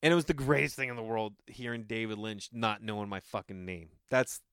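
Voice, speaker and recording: Smooth-voiced man telling a rambling story. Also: fairly low pitch, a little fast, a bit bright, no echo, clean studio sound. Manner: rambling, filler-heavy, swears freely. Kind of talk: casual storytelling.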